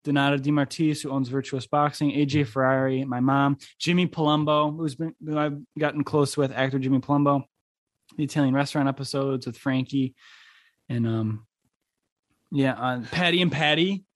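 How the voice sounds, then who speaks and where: A young man from the Buffalo area of New York hosts a podcast in a rambling, casual chat, full of "like" fillers and swearing. His mid-range voice has a steady tone and normal speed, with no echo.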